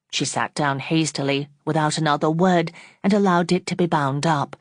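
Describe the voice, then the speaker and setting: A woman narrating a classic novel as an audiobook in a steady, even reading style. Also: deep voice, normal speed, dry recording, clean studio sound. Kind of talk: scripted narration.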